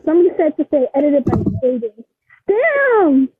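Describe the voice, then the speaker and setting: Giggly high-voiced woman on a tinny phone line. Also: animated, a little slow. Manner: giggly and scattered, reading the chat aloud. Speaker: livestream guest. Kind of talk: casual livestream chat.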